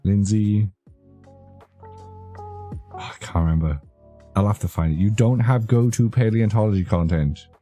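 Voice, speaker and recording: Deep-voiced man rambling on stream. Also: huge pitch swings, unhurried, pauses often, warm tone. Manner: rambling, joking, easily amused. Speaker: streamer chatting with live chat. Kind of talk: casual live-stream chat. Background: faint background music.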